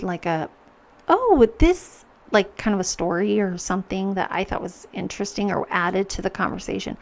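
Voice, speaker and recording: A woman's voice: mid-range voice, darkish tone. A woman hosting a podcast, speaking earnestly in a reflective personal monologue, with many restarts as she acts out her own thoughts. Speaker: podcast host.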